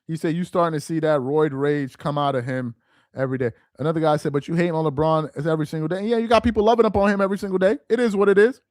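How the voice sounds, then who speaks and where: A man's voice: a little high, steady tone, racing, darkish tone, no echo. Fired-up man ranting in a dry room. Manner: heated, mocking, repetitive rhetorical questions. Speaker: sports commentary host. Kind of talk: casual ranting commentary.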